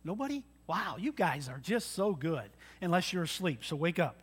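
A man's voice: high-pitched, big pitch swings, moderate pace, slightly rough. A man preaching a sermon, earnest and folksy, often putting questions to the congregation. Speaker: pastor.

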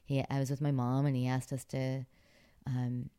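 Very low-voiced woman telling stories. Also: level tone, normal speed, dark tone, clean tone. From Pittsburgh, USA. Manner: chatty, many fillers, laughs often. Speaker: actress, interview guest. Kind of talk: relaxed interview storytelling.

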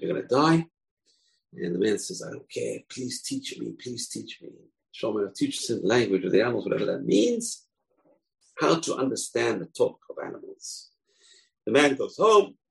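A man's voice: medium pitch, vocal fry, poor audio. A man teaching a religious lesson, retelling old stories and acting out the characters. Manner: animated, acts out characters. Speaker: Torah teacher. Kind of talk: storytelling lesson.

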